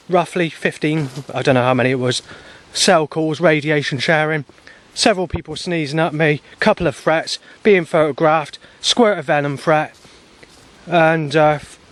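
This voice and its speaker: A man's voice: a little high, fairly bright tone, slight background noise. A man talking in an agitated, rambling video diary, swearing often and restarting his sentences. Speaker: vlogger.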